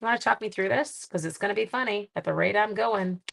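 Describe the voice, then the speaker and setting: A woman's voice: medium pitch, fast talker, gravelly, fairly bright tone, a little hiss or hum. A woman hosting a casual live-stream card-making demo, chatty and self-deprecating, thinking aloud as she works and talking to her viewers. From Canada.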